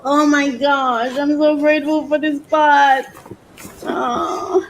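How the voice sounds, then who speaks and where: A woman vlogging casually, who swings from gushing squeals and laughter to a softer, reflective way of talking about her feelings. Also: sits high, little pitch movement, takes it slowly, background noise. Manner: reflective and soft-spoken when sharing personal feelings. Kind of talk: casual emotional vlog.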